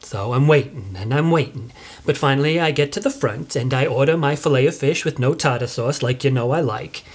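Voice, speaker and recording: A woman's voice: extremely low pitch, a little fast, a little mellow, slightly rough. Rambling entitled suburban mom, chatty, always sure she's right. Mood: indignant. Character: entitled middle-aged suburban mom, self-righteous complainer. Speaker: mother leaving video messages. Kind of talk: comic monologue.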